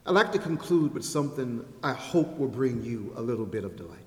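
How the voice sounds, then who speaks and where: A man's voice: medium pitch, sing-song, brisk. A man giving a sermon at a church, reciting a rhyming spoken-word poem with a playful rhythm and leading the congregation in call-and-response. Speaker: guest speaker at a church service. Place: church sanctuary. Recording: echoey hall with long reverb.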